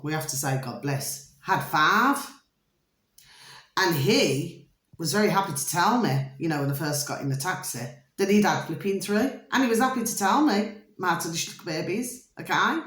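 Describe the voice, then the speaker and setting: A British woman vlogger with a lowish, slightly bright voice tells her viewers a long, rambling story, theatrical and repetitive, calling them pet names. The recording has a roomy echo.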